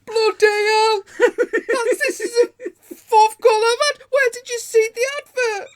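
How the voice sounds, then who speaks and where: A frantic, flustered heavyset man exclaims in a squeaky, strained voice that wavers near tears, as a woman puts him on. He sounds overwhelmed and at his wits' end. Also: steady tone, slow pace. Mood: exasperated. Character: flustered heavyset man, panicking over calls.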